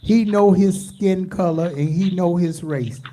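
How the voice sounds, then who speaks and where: A folksy woman hosting a community call-in radio show. Her voice is dark and mellow, and she talks in a loose, chatty, drawn-out way. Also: fairly low pitch. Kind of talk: casual call-in radio chat.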